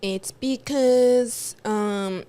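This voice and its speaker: A woman's voice: on the high side, drawn-out words, dark tone. A woman in casual podcast chat, talking hesitantly with many "like"s and "um"s. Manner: hesitant, lots of "like" and "um".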